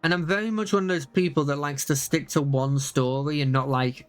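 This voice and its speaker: A man's voice: mid-range voice, fairly even intonation, brisk, hardly any pauses, soft background music. A young man chatting casually on a live stream, rambling with many fillers and restarts.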